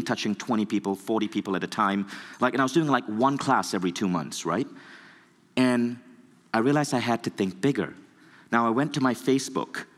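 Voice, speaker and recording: A man from Malaysia giving a storytelling stage talk as a motivational speaker, lively and acting out dialogue. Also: on the low side, big-room sound. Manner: animated storytelling, acts out dialogue.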